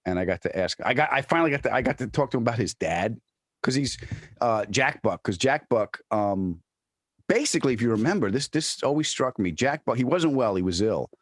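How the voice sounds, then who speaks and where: With lively intonation, the comedian talks a little fast in a mid-range voice over a dry, studio-quality recording. He's a New York guest in a casual interview, telling stories full of restarts and acted-out voices.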